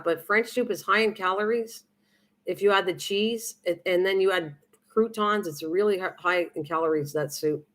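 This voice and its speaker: While cooking on a live stream, a middle-aged woman chats casually with viewers in a fairly bright, middle-range voice. She rambles, restarts sentences often, and fills pauses with ums and uhs.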